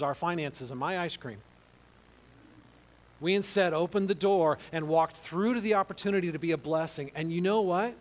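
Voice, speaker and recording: Brief: middle-aged male pastor, conversational sermon storytelling, slightly higher voice. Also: moderate pace, poor audio. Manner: conversational, animated, swings from quiet asides to loud exclaims.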